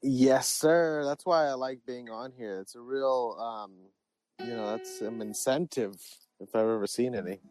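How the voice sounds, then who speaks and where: A man's voice: medium pitch, measured pace, a little mellow, faint music behind. A man chatting as a guest on a comedy podcast who plays along in a laid-back way with dry asides. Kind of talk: casual comedic chat. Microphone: phone app audio.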